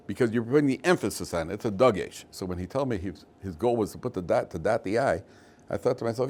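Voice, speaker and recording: Joking rabbi teaching a class. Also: male voice, fairly low pitch, darkish tone, a little hiss or hum. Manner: storytelling with humor, asks the room questions; mixes in Hebrew and Yiddish words. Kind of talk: lively Torah class to students.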